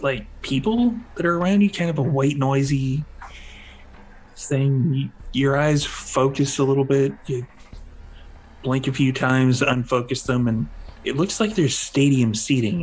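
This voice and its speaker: A man narrating a tabletop game as game master, in loose, halting description with many fillers. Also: medium pitch, darkish tone, husky, poor audio.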